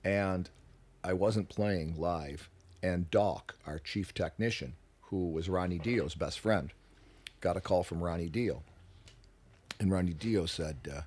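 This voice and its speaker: Rock musician guest, very deep voice, swears freely and plays out his anecdotes. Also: unhurried. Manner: animated, profane, acts out quoted voices. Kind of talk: casual radio interview storytelling. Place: radio studio.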